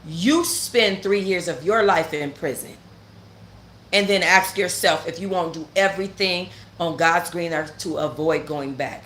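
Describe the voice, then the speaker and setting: A woman's voice: on the low side, a little slow, fairly bright tone, echoey room, a little hiss or hum. A woman host telling a story in a casual rant, blunt and profane, repeating points for emphasis. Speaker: channel host.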